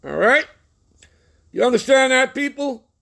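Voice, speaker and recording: A man teaching a bible-study sermon, reading verses slowly and often stopping to check that listeners follow. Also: very high voice, expressive, vocal fry, fairly bright tone. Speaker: scripture teacher.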